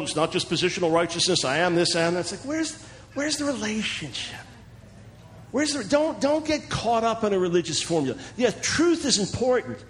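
A man preaching in a sermon-style teaching talk, animated and chuckling, acting out the voices of the people he quotes. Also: high-pitched.

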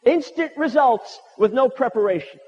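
A man's voice: extremely high pitch, expressive, normal speed, a little mellow, slightly rough. A man preaching a sermon with prayer, impassioned and emphatic, repeating his points. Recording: dull sound with long hall reverb.

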